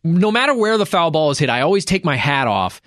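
A man's voice: a little high, sing-song, brisk, a bit bright, no room sound, clean studio sound. A man co-hosting a podcast, telling a story in casual chat and acting out the other people in it. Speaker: podcast co-host.

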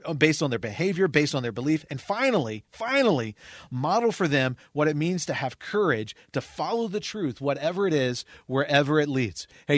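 A man's voice: fairly high pitch, dry recording, clean studio sound. A man in his forties, a pastor co-hosting a radio talk show, speaking earnestly and often repeating words as he starts a thought.

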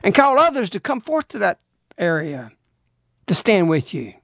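A man preaches over the radio in an urgent, exhorting manner. His pitch leaps about as he swings from low warnings to high, pleading outbursts. The sound is dry and close, with no room around it. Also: very animated, normal speed, fairly bright tone, no echo. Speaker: radio host.

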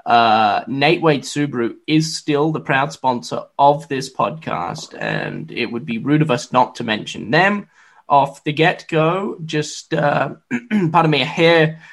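A man's voice: mid-range voice, takes it slowly, gravelly. A man hosting a sports podcast, talking casually with lots of fillers and restarts. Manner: lively, filler-heavy, chatty. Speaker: podcast host.

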